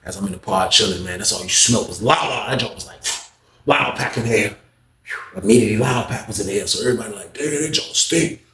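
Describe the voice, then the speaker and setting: A man's voice: fast, roomy sound. A man, telling a story in casual talk and acting out other people's lines. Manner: animated, acts out other people's lines with raised pitch, heavy profanity.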